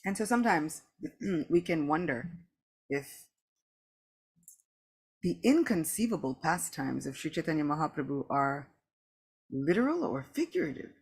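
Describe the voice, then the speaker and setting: A woman giving a morning scripture class in a temple, reading aloud and teaching in a slow, earnest, emphatic way. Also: low-pitched, very animated, darkish tone, husky, poor audio. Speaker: class speaker. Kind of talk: scripture reading and devotional lecture.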